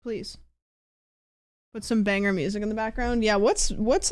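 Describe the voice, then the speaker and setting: A woman's voice: a little high, very animated, normal speed, long pauses, a little mellow, clean tone, dry recording. A woman streamer chatting casually and playfully, giggling and swearing as she talks. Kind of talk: casual livestream chat.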